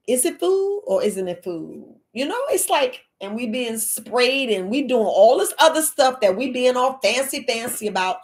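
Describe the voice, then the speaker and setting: At medium pitch and normal pace, a woman hosting a live Q&A shares a personal story. Her telling is casual, dramatic and animated, with exclaimed quotes of people's reactions.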